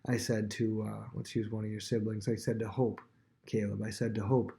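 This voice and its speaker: A man's voice: fairly low pitch, little pitch movement, moderate pace, vocal fry, dark tone. A male teacher giving a casual, conversational Bible lesson, acting out the quotes in varied voices.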